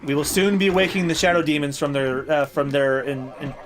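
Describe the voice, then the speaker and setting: Hosting a let's play, a man delivers casual gameplay commentary that's joking, sarcastic and full of swearing. His voice is on the high side, a little fast, with little pitch movement.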